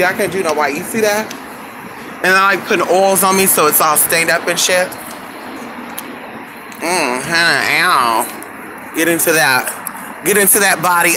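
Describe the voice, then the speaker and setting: High-voiced sassy male vlogger, foul-mouthed, voice going, noisy in-car phone recording. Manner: sassy, profane, talks to viewers as "y'all" and "honey". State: losing his voice. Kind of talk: casual live-stream chat. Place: in a car at a gas station. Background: car and traffic noise.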